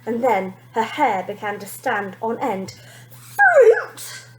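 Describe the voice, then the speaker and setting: A woman's voice: unhurried, echoey room, natural voice, poor audio. A woman voicing a spoiled eleven-year-old girl who screams and wails in tantrums. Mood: furious. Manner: shrill shrieking tantrum.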